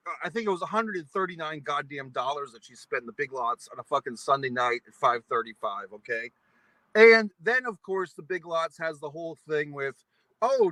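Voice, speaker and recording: A man's voice: fairly high pitch, bright, forceful tone, no echo, low-quality recording. A man from New England ranting at length, angry and profane, in a vlog monologue. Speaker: vlogger. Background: eating pizza.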